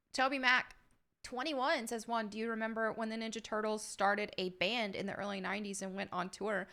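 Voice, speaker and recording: A woman's voice: a little high, sharp tone. A woman with a slight Southern American accent, from upstate New York, chatting casually as she reads out and answers her viewers' questions with frequent laughs. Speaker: YouTuber answering member questions. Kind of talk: casual chat.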